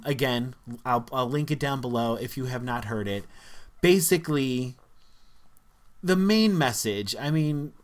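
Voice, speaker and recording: A man's voice: mid-range voice, fairly bright tone. A man, talking earnestly and reflectively to camera in a casual vlog, with frequent fillers. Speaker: vlogger.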